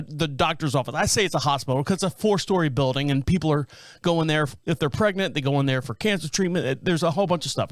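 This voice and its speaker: Middle-aged male podcast host, slightly high voice, dry close mic, rambling and scatterbrained. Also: no room sound. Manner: rambling, full of fillers and restarts, self-described scatterbrained. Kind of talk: casual monologue.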